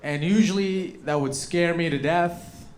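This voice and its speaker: High-voiced man telling a stand-up story. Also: unhurried. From Yemen. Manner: punchy storytelling with deadpan asides to the crowd. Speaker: stand-up comedian. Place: comedy club stage. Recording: roomy club with loud crowd noise. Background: audience laughter and applause.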